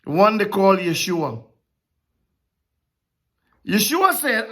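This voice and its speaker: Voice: mid-range voice, sing-song, slow pace, long pauses, pushed and bright. A Bible teacher preaching a sermon-style lesson, who asks rhetorical questions and repeats key phrases for emphasis.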